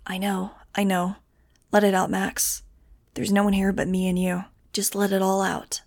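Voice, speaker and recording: A woman voicing a gentle winged teenage boy. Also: medium pitch, completely flat delivery, normal speed, vocal fry. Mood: whispering comfort. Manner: soft and tender.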